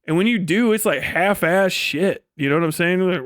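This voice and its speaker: High-voiced, profane streamer. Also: male voice, brisk, hardly any pauses, fairly bright tone, no echo, studio quality. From United States. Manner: profane, rambling, sarcastic, laughing scornfully. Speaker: live streamer. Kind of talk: casual rant on a livestream.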